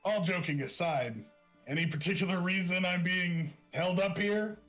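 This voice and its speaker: A man's voice: sits high, moderate pace, a bit bright, faint music behind, voice pushed up. A man voicing a brash male dwarf rogue who jokes and stays unbothered. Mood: cocky. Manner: joking, unbothered, wisecracking.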